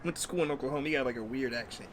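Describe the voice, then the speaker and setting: A man's voice: mid-range voice, rapid-fire, over a noisy crowd. An American man hosting a reaction video, chatting casually in laid-back slang. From United States.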